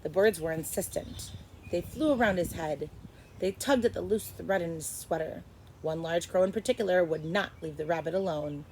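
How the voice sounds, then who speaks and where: A woman teacher reading a chapter book aloud to first graders, expressive and stopping to explain. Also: lowish voice, moderate pace, slight background noise, low-quality recording. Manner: expressive, stops to explain to kids.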